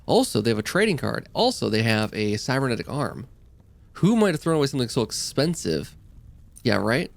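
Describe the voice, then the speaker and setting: A man's voice: mid-range voice, sing-song, fairly quick, creaky. A man giving casual let's-play commentary, rambling and musing aloud as he plays. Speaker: gameplay host. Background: game music.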